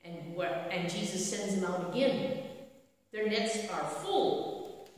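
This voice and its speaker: Slow, echoey woman preaching. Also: medium pitch. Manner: storytelling with frequent rhetorical questions. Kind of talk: sermon. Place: church sanctuary. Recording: echoey hall from a distant mic.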